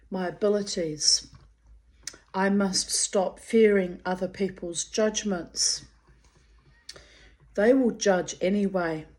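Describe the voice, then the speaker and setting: A woman's voice: medium pitch, a little mellow, poor audio. A middle-aged woman, candidly chatting and reading her own diary aloud, in a rambling way. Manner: slow, candid, rambling, talks to her pet bird. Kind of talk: casual chat and diary reading.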